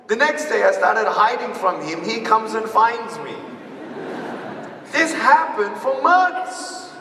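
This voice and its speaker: A motivational speaker tells his story to a crowd, acting out each exchange with animated energy. His voice sits somewhat high for a man. It carries from a distance, with a long hall reverb around it. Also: slow pace, gravelly, noisy background. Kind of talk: live storytelling speech. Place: large hall before an audience. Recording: echoey hall picked up from afar.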